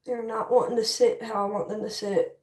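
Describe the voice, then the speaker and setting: A woman's voice: a little high, flat delivery, a little fast, warm tone, distant mic. A young woman livestreaming as she styles her hair, chatting casually with viewers, frustrated and swearing. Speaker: livestream host. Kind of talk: casual livestream chat while styling hair. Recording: echoey room, voice off-mic.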